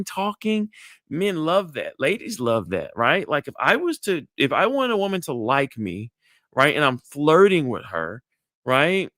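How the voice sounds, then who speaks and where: A man's voice: no echo, studio quality. A middle-aged man and psychologist, coaching an audience on dating in an emphatic, repetitive way, often asking "right?" and acting out friendly greetings. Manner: acts out friendly greetings in a high bright voice. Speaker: psychologist giving dating advice. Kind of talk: animated coaching talk with role-play demonstrations.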